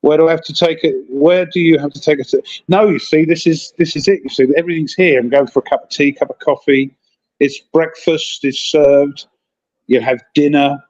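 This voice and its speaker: A man's voice: on the high side, fairly even intonation, fairly quick, a little mellow. Guy rambling on about his weekend, chatty, kinda muffled lo-fi sound. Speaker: regular calling in from a convention. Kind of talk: casual chat. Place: convention hotel.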